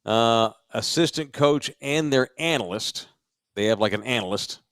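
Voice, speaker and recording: A man co-hosting a casual sports podcast from a studio, talking in an animated, profane way and laughing easily. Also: medium pitch, moderate pace, smooth, no room sound. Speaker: podcast co-host.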